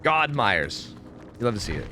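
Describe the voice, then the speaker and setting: A young man streaming a game, chatting casually with his viewers, swearing freely and trailing into quick asides. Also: medium pitch, big pitch swings, bright, forceful tone, a little hiss or hum. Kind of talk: casual gaming commentary.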